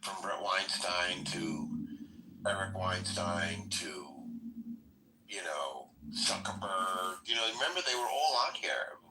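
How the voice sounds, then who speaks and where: A man's voice: deep voice, expressive, slow pace, roomy sound, background noise. A man chatting casually in an audio chat room, asking quizzical questions.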